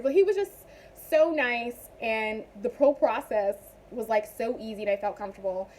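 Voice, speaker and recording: A young woman chatting casually in a vlog, animated and rambling with frequent asides. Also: a little high, a little fast, slight background noise. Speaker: vlogger.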